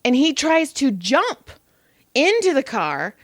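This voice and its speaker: A woman's voice: high-pitched, huge pitch swings, slow, a little hiss or hum. A woman co-hosting a podcast, telling a story in casual chat and acting out the quotes with a laugh now and then. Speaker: podcast co-host and massage therapist. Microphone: podcast microphone.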